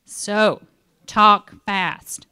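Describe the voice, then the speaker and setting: A woman's voice: mid-range voice, very slow, sharp tone, clean tone. A woman emceeing a school poetry slam, teary and emotional, making rambling announcements with restarts. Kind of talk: emceeing a live event. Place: school library event.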